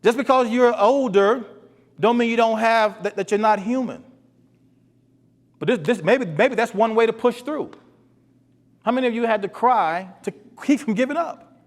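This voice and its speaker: A man's voice: extremely high pitch, normal speed, long pauses. A man giving an earnest motivational talk to boys, often repeating himself and putting questions to the audience. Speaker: speaker for boys. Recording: long hall reverb.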